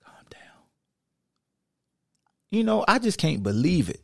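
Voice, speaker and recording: A man hosting a sports podcast, recapping a football game in an animated, slangy rant that swings between shouting and muttering. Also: high voice, slow, creaky, long pauses, no echo, clean studio sound.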